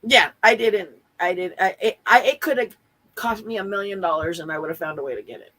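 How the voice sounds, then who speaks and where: A woman's voice: medium pitch, brisk, fairly bright tone, poor audio. A woman guest in a casual conversation, a former client who talks bluntly and candidly, laughing often and swearing mildly.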